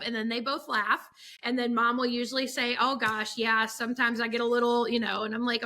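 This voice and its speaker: Fairly quick and forceful, this woman's bright, steady, higher voice carries her stories as a podcast guest. She is a photographer who chats casually, leans on fillers and performs the quotes she recounts.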